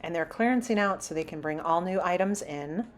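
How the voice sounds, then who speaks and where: A woman's voice: fairly low pitch, fairly quick, soft background music. A woman hosting a shopping vlog who walks through a large store and chats casually, reading out prices as she browses. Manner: chatty, lists prices while browsing. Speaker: shopping vlogger. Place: inside a large home improvement store.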